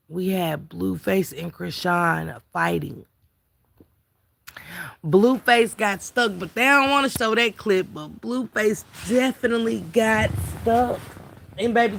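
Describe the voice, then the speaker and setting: Slow, gravelly-voiced tired woman streamer. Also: medium pitch. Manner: chatty, greets viewers in chat. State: tired, yawning. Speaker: livestream commentator. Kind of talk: casual live-stream gossip commentary.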